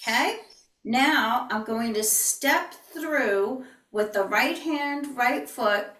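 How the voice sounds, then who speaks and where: Slow, calm woman teaching from afar. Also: sits high. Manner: slow, calm, breathy cues. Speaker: yoga and tai chi instructor. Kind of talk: guided movement instruction. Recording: roomy, distant online-class audio.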